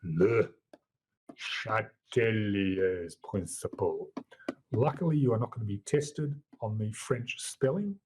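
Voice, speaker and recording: A middle-aged man with an Australian accent giving an exam-prep chemistry lecture, jokey and swooping up in pitch for emphasis. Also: moderate pace, few pauses, slight background noise. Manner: lively, jokey teacher who swoops up for emphasis. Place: lecture room. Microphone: wearable mic.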